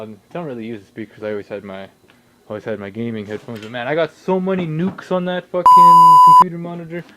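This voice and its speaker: A young man rambling casually in his home workshop, swearing a lot and breaking into sudden loud outbursts. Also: fairly high pitch, slight background noise, rough recording. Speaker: vlogger.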